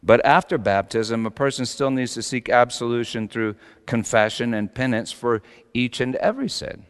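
A middle-aged man preaching a sermon dramatically, swinging between loud high peaks and quiet low passages. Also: moderate pace, hardly any pauses, clean tone. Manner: dramatic, with big rises in pitch and volume. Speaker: pastor. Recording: long hall reverb.

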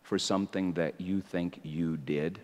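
A male preacher giving a sermon, moving from quiet reflection into fervent, rising exhortation, in an echoey hall. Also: deep voice, steady tone, unhurried.

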